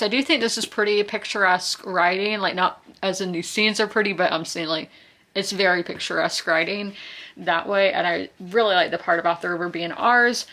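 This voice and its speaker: Gravelly bright woman in her twenties. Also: fairly low pitch, fairly even intonation, fairly quick. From South Carolina, US. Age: 20s. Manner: chatty, rambling with many fillers and self-corrections. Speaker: book vlogger. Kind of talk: casual book review chat.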